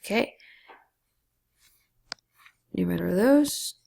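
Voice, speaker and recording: A woman gives a patient Spanish grammar lesson, walking through each rule step by step and slipping into a whisper on key syllables. Her voice is deeply gravelly and dark-toned, and she takes her time. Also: animated, slow, a little hiss or hum. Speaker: Spanish teacher.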